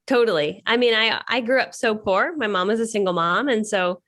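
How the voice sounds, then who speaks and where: A woman's voice: medium pitch, expressive, fairly quick, fairly bright tone. A woman talking as a podcast guest in a casual, chatty interview, upbeat and laughing often. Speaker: podcast guest, network marketing trainer.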